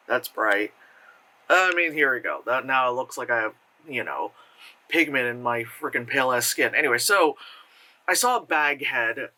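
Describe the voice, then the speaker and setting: A man's voice: mid-range voice, bright, forceful tone, poor audio. An American man in pain, reviewing a movie in a rambling, sarcastic way, often interrupting himself and laughing. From United States.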